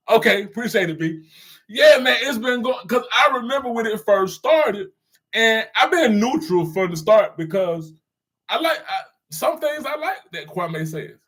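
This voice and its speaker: High-voiced man chatting with his viewers. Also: fairly bright tone. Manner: laid-back slang, laughs often, addresses chatters. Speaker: streamer reading live chat. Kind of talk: casual live-stream commentary.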